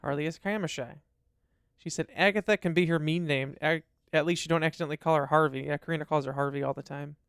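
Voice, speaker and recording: Man, podcast co-host, quick delivery, clean resonant voice, reads out listener comments. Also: fairly high pitch, steady tone, fairly bright tone, clear, resonant tone, no room sound, studio quality. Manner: reads listener comments aloud and riffs on them. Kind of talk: casual podcast chat. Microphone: studio dynamic mic.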